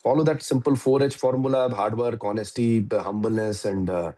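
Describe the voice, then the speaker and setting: A man in his fifties with an Indian English accent, giving a lively, chuckling motivational talk to students. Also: on the low side, a little fast, rough recording. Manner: animated, chuckling storyteller. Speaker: guest speaker.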